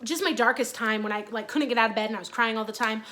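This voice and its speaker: A woman's voice: a little high, fast, pushed and bright. A woman in her thirties talking in a casual personal vlog, chatty and earnest with many fillers. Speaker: vlogger.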